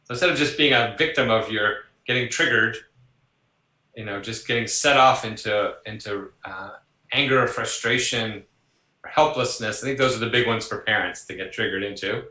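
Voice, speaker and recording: A man's voice: lowish voice, moderate pace, roomy sound, low-quality recording. A psychologist being interviewed, telling personal stories in a conversational way and acting out the voices he quotes. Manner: animated, acts out quoted voices, laughs along. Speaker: psychologist guest.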